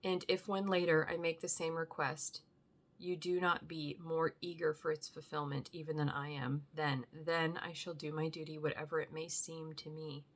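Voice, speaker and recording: A woman reading aloud and voicing a grave, solemn old foreign doctor who speaks in measured tones. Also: low-pitched, little pitch movement. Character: grave old foreign male doctor, stern yet tender. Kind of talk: audiobook reading.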